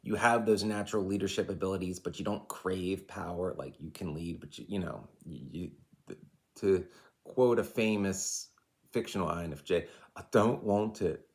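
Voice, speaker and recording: A man's voice: deep voice, normal speed. A man in his forties giving an impassioned, rambling rant straight to camera, with side remarks along the way. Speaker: vlogger and life coach.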